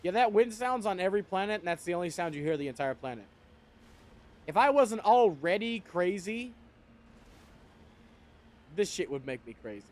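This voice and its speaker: Streaming a video game, this man speaks very fast in a high voice with few pauses. His gameplay commentary is casual and wry, aimed at his viewers and full of free swearing.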